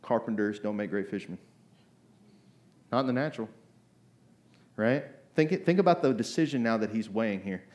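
A man's voice: on the low side, animated, normal speed, pauses often, a little mellow. Conversational man preaching with emphatic bursts. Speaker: pastor. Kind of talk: sermon.

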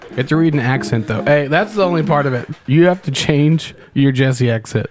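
A man's voice: mid-range voice, fairly quick, darkish tone, soft background music. A man co-hosting a casual comedy podcast, teasing and egging on his friends. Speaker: podcast co-host.

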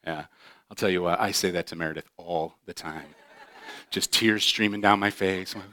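A man preaching a sermon as pastor, animated and often acting out quoted voices with humor. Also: lowish voice, normal speed, pauses often, no echo, clean studio sound.

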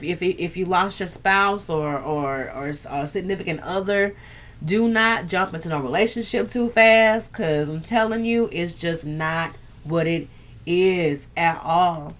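Lady with a lowish voice chatting live to her viewers, blunt and earthy, swears a lot. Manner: candid and earthy, swears, talks straight to viewers. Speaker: livestream host. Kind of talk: casual live-stream chat with viewers.

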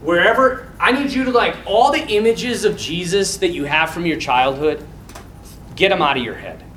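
A man talks to a group of young men in a casual, animated way, telling scenes with feeling. His voice sits high and sounds bright and forceful. It is recorded from a distance in an echoey room with faint noise behind. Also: normal speed. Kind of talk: informal talk to young men.

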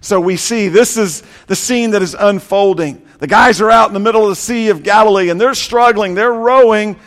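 A man preaching a sermon, building emphasis through repeated, rhythmic lists and then dropping to a quieter, intimate tone. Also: high voice, moderate pace. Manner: preaching with rising and falling intensity, repetitive emphatic lists. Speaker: pastor. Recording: long hall reverb.

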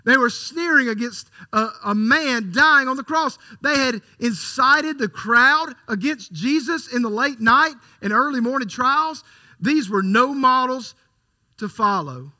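A man preaching a sermon, emphatic, repeating key lines for stress and swinging from quiet to loud. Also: very high voice, lively intonation, a little slow.

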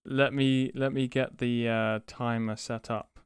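A slow, deliberate man co-hosting a casual podcast, explaining a point with frequent ums. His voice is very smooth and clear. The recording is dry and close, with no room sound. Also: mid-range voice, little pitch movement, no room sound. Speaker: podcast co-host. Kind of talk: casual chat.

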